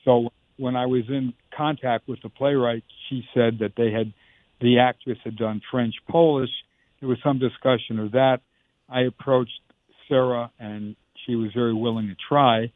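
A man's voice: mid-range voice, fairly even intonation, normal speed, no room sound. A man who is a theater director, speaking matter-of-factly and directly in an interview, over a tinny phone-like line. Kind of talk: casual interview.

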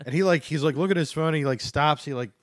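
A male comedian in casual chat, telling a story with bursts of acted-out dialogue that leap up in pitch. He swears freely and sounds relaxed between the peaks. The sound is dry and close. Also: fast talker, no room sound. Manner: swears freely, acts out quotes with big pitch jumps. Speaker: stand-up comedian guest.

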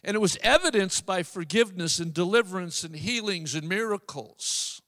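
A man with a high voice preaches a sermon with emphatic, drawn-out phrasing, repeating key lines. His voice rings with a long reverb, as in a large hall. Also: lively intonation, fairly bright tone. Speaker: pastor.

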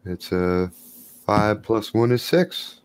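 A low-voiced man plays a tabletop game, steady and inquiring. The sound is dry and close. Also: slow, clean tone, dry recording. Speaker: player.

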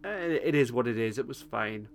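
A man's voice: medium pitch, expressive, a little fast, creaky, soft background music. A man hosting a casual podcast chat, recapping a TV episode with frequent chuckles and hesitant ums. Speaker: podcast host.

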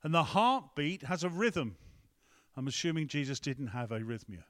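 Man, preacher, sermon, slightly high voice, conversational, asks the congregation questions. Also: sing-song. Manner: conversational, pausing to ask the room and tech team. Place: church hall with a screen.

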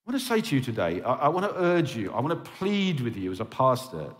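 Impassioned pastor in a reverberant hall. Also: male voice, medium pitch, wildly swooping pitch, fast talker. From England. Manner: impassioned and pleading, with frequent "okay?" check-ins. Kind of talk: sermon.

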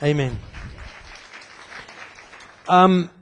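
A male pastor preaching an impassioned sermon to his congregation, at times raising his voice to a shout and talking straight to them. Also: a little high, drawn-out words, a faint crowd, slight background noise. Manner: talks directly to the congregation. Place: church.

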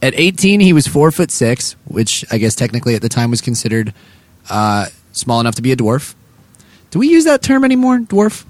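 A man's voice: mid-range voice, sing-song, fairly quick, no room sound. A man hosting a comedy show, rambling playfully through his jokes and poking fun at himself. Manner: playful, rambling, self-mocking. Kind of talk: comedic banter.

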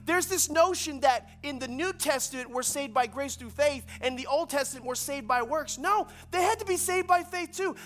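A man's voice: very high voice, lively intonation, normal speed, hardly any pauses, a bit bright. A male pastor preaching a conversational sermon, repeating key phrases for emphasis.

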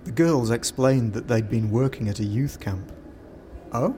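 Guy reading out a story, calm and steady, warm low-key tone. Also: normal speed, slight background noise. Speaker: narrator. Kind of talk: scripted story narration.

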